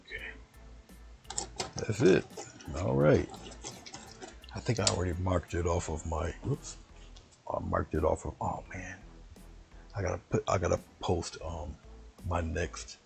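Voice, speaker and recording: Brief: low-voiced man with gravel in it, loose chatty painting instructor, faint music under. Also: unhurried, pauses often. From US East Coast. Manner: rambling, chatty, talks to himself while working. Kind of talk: casual painting demo.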